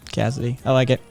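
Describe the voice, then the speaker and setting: Reading out viewer comments, a live stream host chats casually in a soft, sedated manner, with plenty of ums and laughs. The voice is mid-range and creaky.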